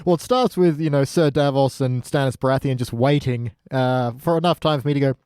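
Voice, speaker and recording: A man co-hosting a podcast, chatting casually and riffing with quick put-on quotes. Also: mid-range voice, a little mellow, clean tone, no room sound, clean studio sound. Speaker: podcast co-host. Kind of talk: casual chat.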